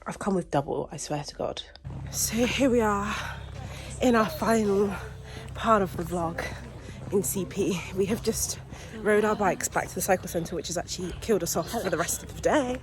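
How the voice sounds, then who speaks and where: A woman's voice: medium pitch, moderate pace, background noise. Chatty young woman vlogging casually. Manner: chatty, giggly, uses "like" a lot. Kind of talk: casual vlog chat to camera.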